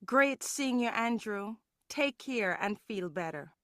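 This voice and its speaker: A woman's voice: on the high side, animated, slow, a bit bright, no room sound, studio quality. A woman with a Caribbean English accent voicing a friendly woman in a scripted textbook dialogue. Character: friendly woman meeting an old acquaintance.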